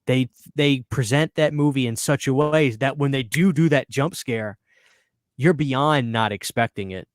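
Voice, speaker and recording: A mid-pitched man talks fast and loose on a podcast, cursing freely and repeating himself as he gets fired up. The sound is dry and close, with no room around it. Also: dry recording. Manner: excitable, swearing, repeats words when worked up. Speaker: podcast host. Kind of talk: casual chat.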